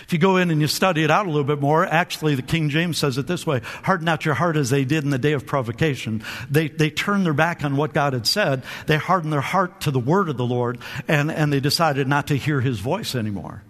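A little fast and with few pauses, a man preaches a spirited sermon in a high, bright voice that echoes across a large church hall. As pastor, he keeps prompting the congregation to respond. He frequently repeats himself and starts lines over.

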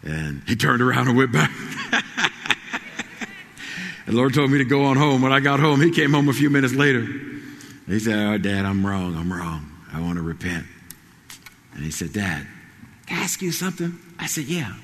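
A man's voice: medium pitch, sing-song, moderate pace, long pauses, fairly bright tone, slight background noise. A middle-aged man preaching a sermon, telling stories and acting out the voices of the people in them. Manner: storytelling, acts out quoted voices. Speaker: pastor. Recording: long hall reverb.

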